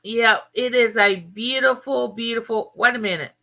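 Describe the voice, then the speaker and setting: A woman's voice: on the high side, normal speed, gravelly, pushed and bright. A woman with a Southern US accent, from Mississippi, hosting a casual live chat and chattily greeting viewers by name. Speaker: livestream host.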